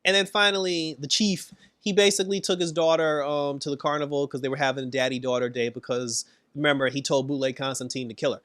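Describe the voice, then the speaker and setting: A man in a casual, animated TV review, his voice sitting a little high. He laughs often and acts out the characters' lines as he tells the story. The sound is dry and close, with no room echo. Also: fast, hardly any pauses. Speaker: TV episode reviewer.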